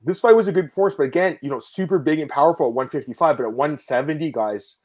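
A man hosting a casual fight-sport podcast, rambling and animated, telling stories with laughs and swearing, often calling out to the viewers. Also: a little high, fast. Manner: addresses viewers as guys. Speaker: podcast host. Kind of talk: casual MMA podcast chat.

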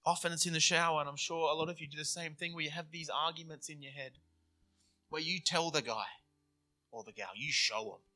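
A man preaching with a bright, forceful voice that sits a little above the usual. He talks earnestly and conversationally, acting out inner voices now and then, while a guitar plays softly behind him. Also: a little high, brisk. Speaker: pastor. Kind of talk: sermon.

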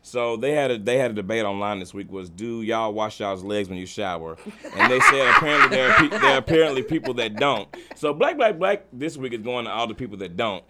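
A man hosts a casual podcast. He talks fast, keeps the segments moving and reads out posts from the internet, with friends chiming in around him. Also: on the low side, very animated, noisy background. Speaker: podcast host. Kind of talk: casual group chat.

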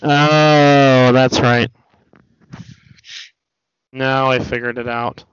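A man hosting a casual chat about movies, talking in an animated way and swearing freely. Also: medium pitch, drawn-out words, clean tone. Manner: animated, swearing, quotes movie lines in mock voices. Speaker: podcast host. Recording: dull lo-fi sound, dry.

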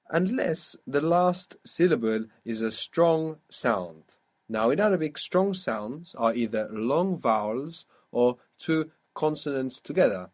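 A man's voice: mid-range voice, darkish tone. A man teaching an Arabic lesson, patiently quizzing a student and modelling how words are pronounced. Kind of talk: spoken language lesson.

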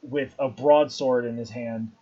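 A man's voice: medium pitch, steady tone, unhurried, mellow, husky. A man running a tabletop game as game master, describing scenes and ruling on checks, on a dull lo-fi recording.

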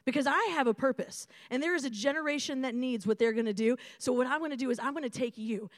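A woman voicing God, calm and purposeful. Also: high-pitched, fast, no room sound, studio quality, close to an everyday voice. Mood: reassuring.

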